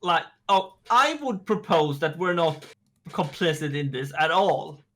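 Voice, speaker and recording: A man with a fairly high voice plays his character at a tabletop game. He brushes off blame in a flippant, mock-panicked way. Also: expressive, unhurried, fairly bright tone. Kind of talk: casual in-character table talk.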